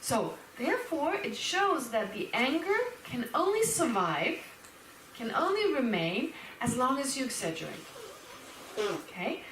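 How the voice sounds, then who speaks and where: A woman teaching Buddhist philosophy as a lecture, lively and animated, laughing and acting out little quotes as she explains. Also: on the high side, unhurried, slight background noise. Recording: roomy hall, speaker far from the mic.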